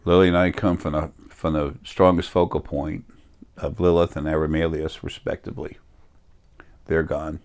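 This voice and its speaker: A man with a low, deep voice speaking as a spiritual teacher. He meanders from point to point, restarts his sentences and corrects himself as he goes. His delivery is earnest and unscripted. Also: flat delivery, normal speed, darkish tone. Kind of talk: rambling spiritual monologue.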